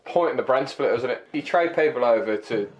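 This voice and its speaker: A man's voice: mid-range voice, expressive, brisk. Blunt, opinionated man. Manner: blunt, opinionated, swears freely. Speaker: podcast co-host. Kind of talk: casual wrestling chat.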